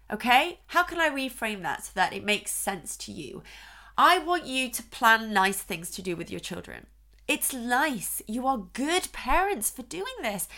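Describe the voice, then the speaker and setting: A woman's voice: on the high side, bright, forceful tone. A middle-aged woman and parenting expert giving earnest, reassuring advice straight to the listener, often checking in with "okay?". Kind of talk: direct-to-camera advice talk.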